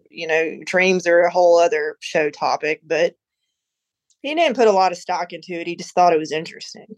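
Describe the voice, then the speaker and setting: A woman's voice: on the low side, moderate pace, dry recording, rough recording. A woman on a podcast as a guest, telling a personal story in a chatty, rambling way with lots of "you know" and "like". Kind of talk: casual storytelling.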